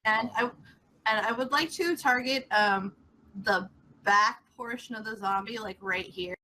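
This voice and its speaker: A woman's voice: a little high, measured pace, sharp tone, rough recording. A woman playing a tabletop game, describing her character's moves step by step. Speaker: player.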